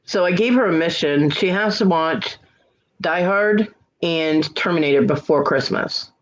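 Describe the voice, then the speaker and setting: A woman hosting a casual live stream hangout, chatting in an animated way and laughing often. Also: fairly low pitch, a little slow, lo-fi sound. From United States. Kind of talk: casual chat.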